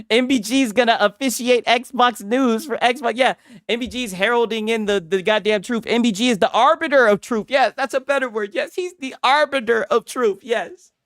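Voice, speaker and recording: A man's voice: extremely high pitch, moderate pace, fairly bright tone, no room sound. Male streamer, casual foul-mouthed reaction talk, mocking and laughing, dry close sound. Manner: mocking, laughs often, reads chat aloud. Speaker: streamer reacting to another creator's video. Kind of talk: casual profane reaction commentary.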